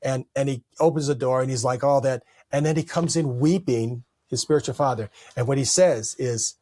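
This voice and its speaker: Man telling a story, lively and dry. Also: moderate pace, few pauses, dry recording. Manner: animated, acts out quoted speech with raised pitch. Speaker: Orthodox priest, podcast guest. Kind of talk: storytelling in casual conversation.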